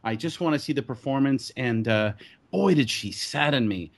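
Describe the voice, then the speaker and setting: A man's voice: medium pitch, animated, normal speed. A middle-aged man, co-hosting a podcast and reviewing a film in casual, blunt and profane chat. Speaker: podcast co-host.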